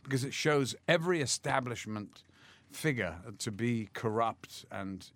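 An older man being interviewed, telling lively anecdotes and mimicking others as he goes. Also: unhurried. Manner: lively storyteller, mimics others with big pitch jumps, laughs often. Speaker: actor guest.

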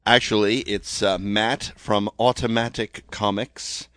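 A man's voice: fairly low pitch, steady tone, unhurried, a bit bright, no echo, clean studio sound. A man hosting a casual podcast, joking and rambling with fillers, his throat a little sore. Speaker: podcast host. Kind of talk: casual chat.

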